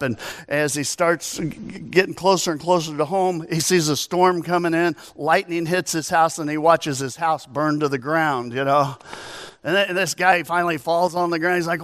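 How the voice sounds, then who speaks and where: A man preaching a sermon as pastor, animated, telling stories and asking rhetorical questions. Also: on the high side, no room sound.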